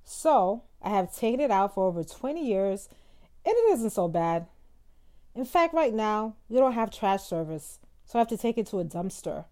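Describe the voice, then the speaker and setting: Chatty woman with a mellow voice. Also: mid-range voice. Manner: chatty, earnest, acts out quoted lines sweetly. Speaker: vlogger giving marriage advice. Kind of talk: casual advice talk to camera.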